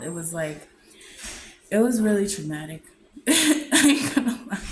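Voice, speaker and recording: A woman giving a candid, heartfelt personal message to camera, often halting and trailing off softly. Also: fairly low pitch, noisy background. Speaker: vlogger sharing a personal message. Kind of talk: emotional personal testimony to camera.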